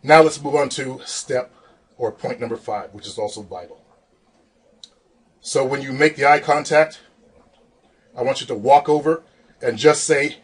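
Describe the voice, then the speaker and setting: A man's voice: medium pitch, measured pace, pauses often, breathy edge. A man coaching viewers on dating in a blunt, repetitive lecturing monologue. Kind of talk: advice monologue.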